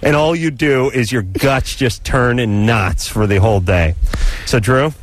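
A man's voice: medium pitch, a little slow, a little hiss or hum. A man hosting a late-night radio call-in show, joking and rambling in a dry, teasing way. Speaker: radio host. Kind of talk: casual radio banter.

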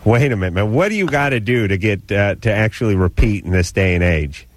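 A man's voice: fairly low pitch, expressive, a little fast, no room sound. A man hosting a radio call-in advice show, crude and teasing with callers.

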